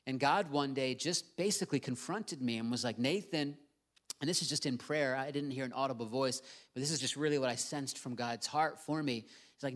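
A middle-aged male pastor preaching a sermon in an earnest, emphatic way, slowing down to stress key words. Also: medium pitch, fairly bright tone.

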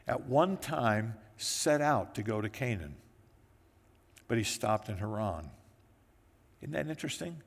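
A male pastor preaching a sermon, telling the story in a lively way and briefly acting out the voices of the people in it. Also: medium pitch, gravelly, breathy edge. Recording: echoey hall with long reverb.

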